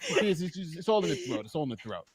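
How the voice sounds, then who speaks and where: Excited guy on a call, high voice swinging all over, dry sound. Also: fast talker, a crowd in the background. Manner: excited, mock-outraged. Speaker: panelist. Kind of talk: casual panel chat. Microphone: video call.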